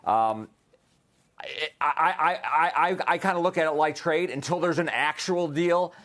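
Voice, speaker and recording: A man's voice: a little high, a little slow, fairly bright tone. An American man, an economic policy analyst, answering questions in a live TV news interview with frequent restarts and fillers. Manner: hesitant, many restarts and fillers.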